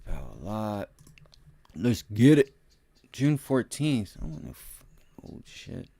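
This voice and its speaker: A day-trading streamer, he takes things slowly in a creaky voice while giving viewers boastful, slang-filled market commentary as it happens. At times he gets loud and excited; at others he drops to a low mutter to himself.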